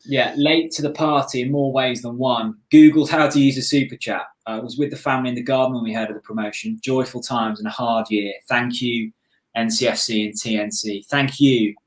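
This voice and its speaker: A man's voice: medium pitch, rough recording. Tired, rambling male livestream co-host. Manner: rambling, chatty, self-interrupting. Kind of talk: casual livestream chat.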